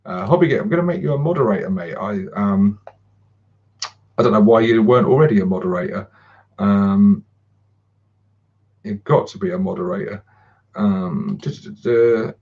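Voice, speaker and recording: A man with a lowish voice chats loosely on a livestream, filling gaps with ums and dropping casual swears. His audio comes through dull and lo-fi. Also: animated, moderate pace, long pauses. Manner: rambling, swears freely, many ums, chuckles. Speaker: channel host.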